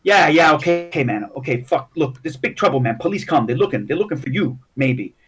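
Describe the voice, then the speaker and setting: Pria memerankan anggota geng halfling yang gelisah dan kasar. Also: male voice, fairly high pitch, animated, a little fast, over music, natural voice. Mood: nervous. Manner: profane, twitchy, tough-talking. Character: jumpy male halfling gang members.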